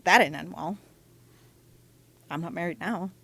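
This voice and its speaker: A woman, a podcast guest, candidly telling her life story in conversation with animated asides and restarts. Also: fairly low pitch, measured pace, vocal fry.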